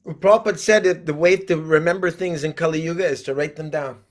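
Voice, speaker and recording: An older man co-hosts over a video call, with a voice pitched well above the usual for a man. He jumps into the conversation eagerly and speaks with animation. He is responding to someone else rather than leading the talk. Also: fairly even intonation, fast. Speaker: co-host.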